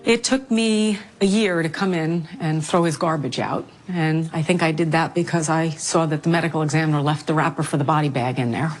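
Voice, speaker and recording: Woman, middle-aged, bereaved mother, low voice, halting, grief-stricken, documentary interview. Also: steady tone, a little hiss or hum. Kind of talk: documentary interview, personal account.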